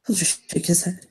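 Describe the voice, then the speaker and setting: A woman narrating a tabletop role-playing game as game master, pausing and restarting as she searches for words and sighs. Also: mellow. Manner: halting, searching for words, sighing.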